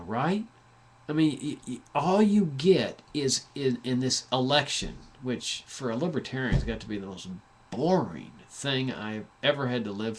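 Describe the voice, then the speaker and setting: A man's voice: mid-range voice, a bit bright. A man hosting a talk show, giving a passionate, sarcastic political commentary monologue with frequent restarts. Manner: impassioned, sarcastic, full of restarts.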